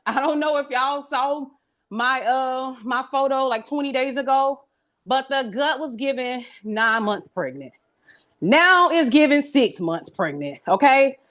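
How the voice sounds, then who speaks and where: A woman's voice: sits high, lively intonation, unhurried, a bit bright. A woman, slightly out of breath while walking, chatting on a group call about her progress. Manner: chatty, says "y'all". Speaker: team member on a training call.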